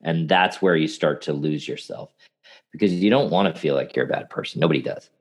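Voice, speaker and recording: A man in casual podcast conversation who tells animated anecdotes and gives advice to clients. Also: a bass voice, brisk.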